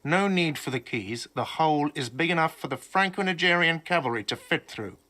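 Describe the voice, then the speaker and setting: A man's voice: on the high side, expressive, brisk, bright, forceful tone. An actor playing a testy male manager who answers in a sarcastic, curt way. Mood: irritable.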